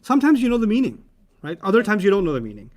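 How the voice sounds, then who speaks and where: A man's voice: high voice, racing. A man teaching Arabic grammar to young students in a casual, playful, teasing way. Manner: playful, teasing, animated explaining.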